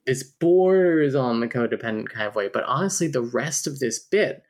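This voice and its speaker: A man's voice: medium pitch, lively intonation, normal speed, a little mellow. A man hosting a casual podcast chat, talking loosely with frequent fillers and reading passages aloud. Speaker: podcast host reviewing a book.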